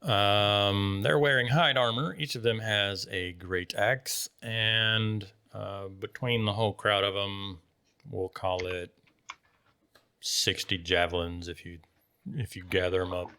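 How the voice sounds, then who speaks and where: A man running a tabletop game as game master, describing things casually with filler pauses. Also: lowish voice, steady tone, pushed and bright, clear, resonant tone.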